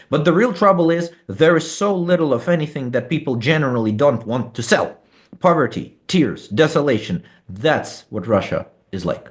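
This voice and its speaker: A man lecturing on his book at a steady middle pitch, reading quotations aloud and then adding his own remarks. He often hesitates on small fillers between phrases. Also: normal speed. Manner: reads quotations aloud between spoken asides, with frequent fillers. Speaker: author and lecturer. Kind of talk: academic book talk.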